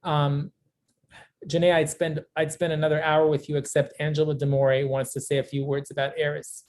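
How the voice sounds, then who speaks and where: A chatty, encouraging host runs a graduation over a video call, teasing the graduates now and then. The voice sits at a middling pitch and is heard through a call microphone. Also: level tone, moderate pace, darkish tone. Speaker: ceremony host. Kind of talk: hosting a virtual graduation.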